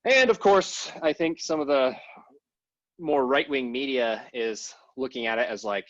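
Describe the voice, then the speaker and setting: A man's voice: medium pitch, measured pace, fairly bright tone, no echo. Guy rambling thru a politics chat, lots of um and you know, dry dull sound. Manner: rambling, many fillers and hedges. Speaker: podcast co-host. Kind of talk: casual political discussion.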